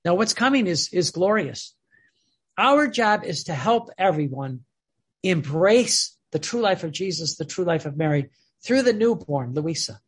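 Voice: medium pitch, big pitch swings, unhurried, slightly rough. A devotional speaker teaching about prayer in an informal, earnest way, often restarting and repeating phrases.

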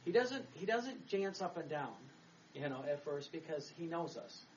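A man's voice: fairly high pitch, animated, moderate pace. A middle-aged man, a Catholic priest, giving a chatty homily that rambles, with laughs and restarts. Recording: distant mic, dull sound, faint background noise.

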